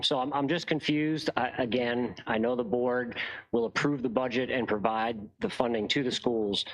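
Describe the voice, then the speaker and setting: Male resident at a public hearing, mid-range voice, calm and critical. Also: mid-range voice, poor audio. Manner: measured, critical, some fillers. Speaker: resident giving public comment. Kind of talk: public comment at a meeting.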